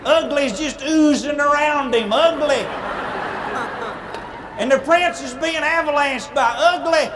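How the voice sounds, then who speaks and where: A man, a humorist minister telling an animated, playful comic story at a live speaking event. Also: very high-pitched, takes it slowly, pauses often, background noise. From Southern United States. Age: 40s.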